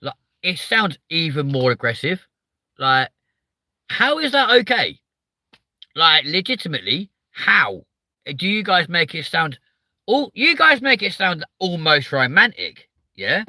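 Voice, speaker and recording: A man with a southern English accent hosts a live stream. He swears constantly and is openly hyper as he reacts to viewer comments. His voice is very bright and cutting, his pitch lively, and the sound is close and dry. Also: a little slow, no echo. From southern England. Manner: hyper, animated, swears a lot.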